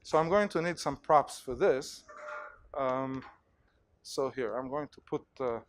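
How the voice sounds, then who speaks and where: A male university lecturer giving an animated lecture in a hall, telling stories and acting out examples with plenty of fillers. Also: mid-range voice, unhurried. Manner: animated storytelling, acts out cheers, many fillers.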